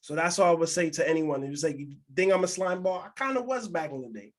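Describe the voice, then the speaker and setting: A man's voice: fairly high pitch, animated, fast talker. A man co-hosting a casual podcast, telling candid stories and acting out quotes in other voices. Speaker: podcast co-host.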